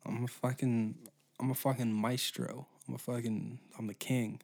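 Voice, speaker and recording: A man's voice: lowish voice, little pitch movement, fairly quick, creaky, a little mellow. Man, twenties, podcast host, profane, sarcastic, ranting solo. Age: 20s. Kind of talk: solo comedy podcast rant.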